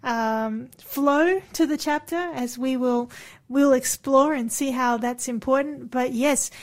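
A woman leading a Bible study on the radio, praying and explaining in an encouraging, affirming way. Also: sits high. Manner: warm, encouraging, quick affirmations. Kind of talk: casual on-air Bible discussion and prayer. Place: radio studio.

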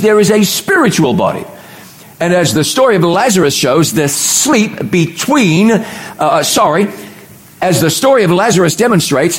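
A middle-aged man delivers a sermon in a fairly high voice. He is emphatic, drawing out and pausing on the words he wants to land. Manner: emphatic, pauses and slows on key words. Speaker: preacher.

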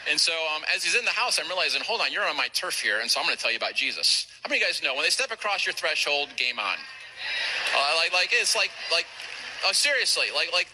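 A man pastor telling a personal story in a sermon, animated, with quick asides to the crowd. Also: medium pitch, poor audio. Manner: animated, rapid anecdotal preaching with asides to the crowd.

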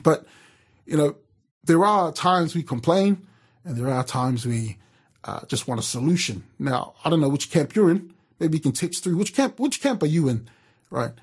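A man's voice: fairly high pitch, big pitch swings, moderate pace, slightly rough. A man from New Zealand giving a casual devotional talk, chatty and storytelling, with frequent fillers and restarts. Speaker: radio presenter giving a devotional.

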